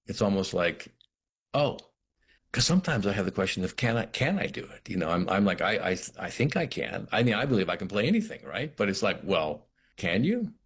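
Deep-voiced American male actor, reflective interviewee, halting restarts. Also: very animated, husky. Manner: reflective, many restarts and "you know". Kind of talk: interview conversation.

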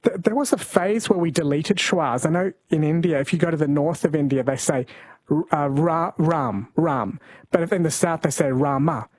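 A man's voice: on the high side, a little fast, a little mellow, slightly rough, dry recording. A man hosting a call-in radio show, chatty and playful with callers. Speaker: radio host.

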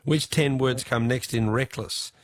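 A man hosting a radio phone-in quiz, chatty and quick to laugh. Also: medium pitch, steady tone, no room sound, clean studio sound. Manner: chatty, laughs easily, stumbles a little.

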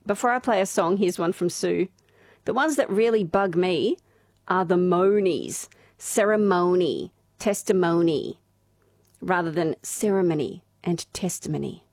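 A woman's voice: fairly low pitch, normal speed, darkish tone, no echo, clean studio sound. A woman with an Australian accent hosting a morning radio show, chatting casually, laughing easily and reading out listener texts. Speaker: radio host. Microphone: studio microphone.

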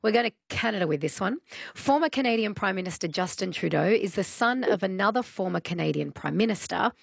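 A woman's voice: medium pitch, animated, fairly quick, gravelly, slightly rough, dry recording, clean studio sound. A woman with an Australian accent hosting a talkback radio show, chatting with callers in a friendly, encouraging way. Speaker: radio host. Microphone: studio microphone.

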